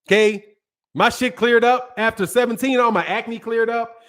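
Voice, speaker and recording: A man's voice: extremely high pitch, steady tone, normal speed, a bit bright. A man hosting a boxing channel, giving casual live-stream commentary in slangy, profane talk, laughing often and answering chat comments.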